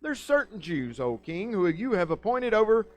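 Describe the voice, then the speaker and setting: A man voicing scheming male Babylonian court accusers with a dramatic, drawn-out lawyer-like delivery. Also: high voice, big pitch swings, voice pushed up. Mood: tattling.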